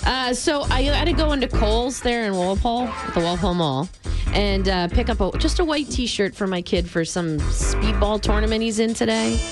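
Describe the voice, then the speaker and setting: A woman's voice: a little high, moderate pace, over music. A woman radio host telling a story in casual, chatty on-air banter from a studio. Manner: chatty, storytelling, laughs easily. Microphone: studio mic.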